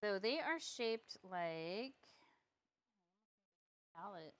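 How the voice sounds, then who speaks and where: Instructor, woman, mid-pitched, casual and playful, talks while painting, pokes fun at herself. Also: expressive, moderate pace, fairly bright tone, a little hiss or hum. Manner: chatty, playful and self-deprecating. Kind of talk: step-by-step live art tutorial.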